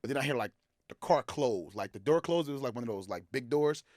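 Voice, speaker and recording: A man telling a story as a podcast guest, animated, acting out quoted lines loudly and laughing as he goes. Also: medium pitch, fast, no room sound, studio quality. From Texas. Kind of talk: casual storytelling. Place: podcast studio.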